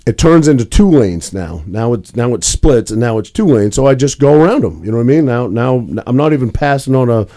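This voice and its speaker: A man's voice: medium pitch, animated, fairly quick, few pauses, mellow. A young man co-hosting a podcast, telling a rambling story in casual chat with plenty of swearing. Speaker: podcast co-host.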